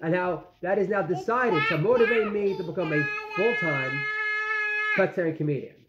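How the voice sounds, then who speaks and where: A vlogger dad in his forties rants comically and self-mockingly about his food, rambling with lots of fillers. His voice is high-pitched at normal speed, and the echoey room recording is dull, lo-fi, and very noisy.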